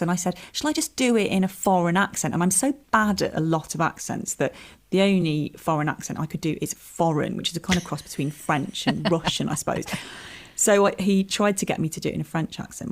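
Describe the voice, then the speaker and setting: This is a woman talking through her early career on a podcast. Her voice sits a little low, and she tells her stories in a relaxed, self-mocking way, laughing now and then. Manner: chatty, self-deprecating, laughs while telling stories. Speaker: comedian and writer, guest. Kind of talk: relaxed interview chat.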